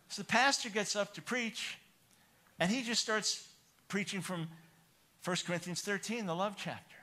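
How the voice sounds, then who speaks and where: A man preaching a sermon, telling a personal story with animated, rising excitement, then calling listeners to change. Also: moderate pace. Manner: animated storytelling, grows loud and high when excited.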